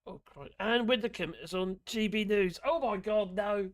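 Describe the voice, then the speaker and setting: A man's voice: high-pitched, a little slow, dry recording, studio quality. A man hosting a casual live stream, chatting in a rambling way and reading out chat messages while losing his voice.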